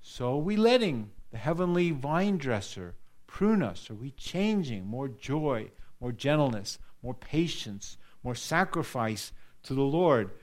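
A man's voice: medium pitch, very animated, unhurried. A man preaching a sermon to a congregation, earnest and direct, repeating key phrases for emphasis and putting questions to his listeners. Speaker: pastor.

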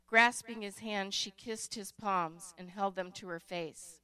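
A woman reading a story aloud as narrator, in a measured, expressive way. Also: mid-range voice.

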